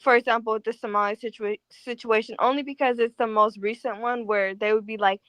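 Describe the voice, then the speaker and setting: A woman co-hosting a casual talk show, calm and questioning. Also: a little high, fairly quick, few pauses, no room sound. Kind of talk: casual chat.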